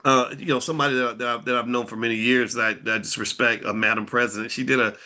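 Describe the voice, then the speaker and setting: Guy doing off-the-cuff commentary, bright forceful voice, keeps asking viewers pointed questions, repeats himself a lot. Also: on the low side. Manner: animated and rhetorical, stacking pointed questions, repeating words as he restarts.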